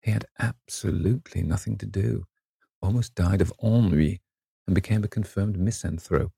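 A man with a low, husky, gravelly voice reading as a vain, callous young gentleman, languid and mocking in a storybook reading. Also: moderate pace, no echo, clean studio sound, full character voice. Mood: airy. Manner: languid and mocking, with airy flourishes.

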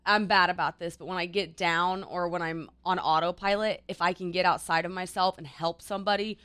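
Lower-voiced young woman, earnest chat. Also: steady tone, fairly quick, a bit bright, clear, resonant tone. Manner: earnest, reflective, many restarts. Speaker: podcast co-host. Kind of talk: casual chat.

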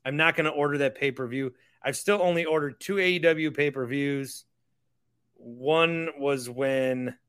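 A man's voice: on the high side, fairly bright tone. A man hosting a podcast, rambling casually and mocking himself, with the odd swear. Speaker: podcast host.

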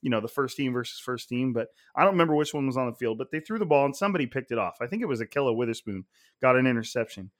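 A man co-hosting a sports podcast in casual chat, animated and emphatic, swearing freely. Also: mid-range voice, racing.

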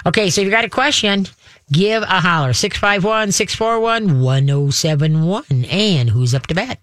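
A woman's voice: lowish voice, lively intonation, normal speed, dry recording, studio quality. A middle-aged woman hosting a call-in radio show, talking in a folksy, chatty way with plenty of fillers. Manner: folksy and chatty, with lots of fillers and homey sound effects. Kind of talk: casual call-in radio talk.

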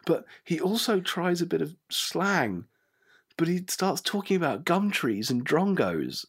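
A man co-hosting a casual film review chat, animated and jokey. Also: on the high side, a little slow, breathy edge. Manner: animated, mimics film lines with bits of funny voices. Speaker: podcast co-host.

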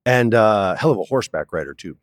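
Man, 40s, low voice, chatty and animated storyteller, dry studio sound. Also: fairly quick, no room sound. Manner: animated storyteller, acts out quotes, says "man" often. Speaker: actor, interview guest. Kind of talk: casual storytelling interview. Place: studio, in person.

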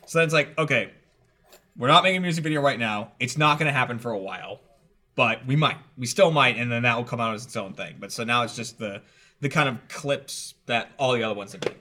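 A man's voice: medium pitch, fast, sharp tone. A man co-hosting a podcast, chatting in a rambling, easygoing way. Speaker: podcast co-host. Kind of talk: casual chat.

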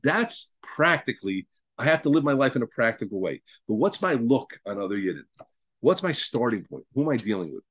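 A man's voice: medium pitch, big pitch swings, a little fast, fairly bright tone, no echo. A rabbi giving a Torah lesson to a study group, emphatic and repeating words as he builds each point, with Hebrew and Yiddish terms mixed into his teaching.

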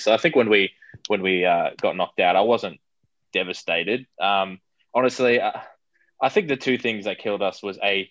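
A man's voice: sits low, no room sound, muffled recording. A young Australian man, a guest referee, talking wryly with hesitant fillers in a casual podcast chat. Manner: relaxed, wry, hesitant fillers. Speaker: guest, rugby league referee.

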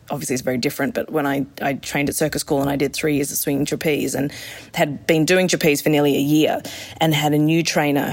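A woman, an enthusiastic roller skating instructor chatting in an interview and acting out quotes as she talks. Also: low-pitched. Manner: enthusiastic, acts out quotes in shifting voices. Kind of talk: casual interview chat.

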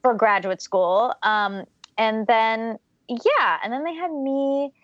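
A woman's voice: a little high, takes it slowly, no room sound, muffled recording. A woman from the US state of Georgia, a podcast guest, talking reflectively about her childhood and laughing often. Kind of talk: casual interview conversation.

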